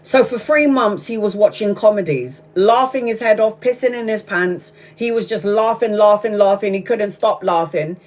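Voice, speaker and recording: A woman's voice: mid-range voice, normal speed, hardly any pauses. A woman tarot reader hosting a live stream, chatting casually, telling a story bluntly with lots of swearing and frequent laughter. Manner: profane, blunt, animated storyteller; laughs often while talking.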